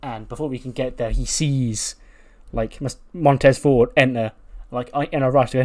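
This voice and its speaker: A man's voice: mid-range voice, steady tone, moderate pace, a little mellow. A man casually narrating a wrestling sim playthrough in a chatty, self-mocking way, often laughing at himself. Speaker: let's-play narrator. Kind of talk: casual game commentary.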